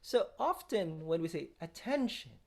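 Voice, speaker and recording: A piano teacher with a voice on the low side, creaky and very animated, coaches a masterclass student at normal speed, offering encouragement and singing phrases on syllables to show the touch. Faint piano plays amid a noisy background.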